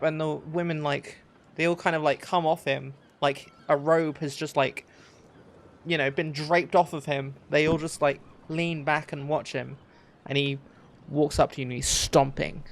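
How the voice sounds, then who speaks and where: Slow, gravelly-voiced male game master. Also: fairly high pitch, a bit bright. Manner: hesitant, filler-heavy narration. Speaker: dungeon master. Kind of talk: narrating a tabletop game.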